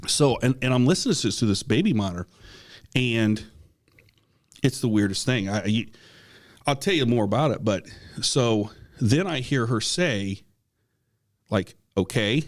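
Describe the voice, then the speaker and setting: Expressive and medium-pitched, this man co-hosts a podcast and tells a ghost story from his own life at a measured pace, pausing often. He's earnest and casual, with frequent restarts and an occasional cough.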